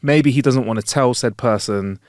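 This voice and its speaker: A man's voice: mid-range voice, moderate pace, a little mellow, dry recording, studio quality. A man tells a long story on a podcast. He swears freely and acts out the people in it. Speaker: podcast co-host. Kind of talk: casual storytelling chat.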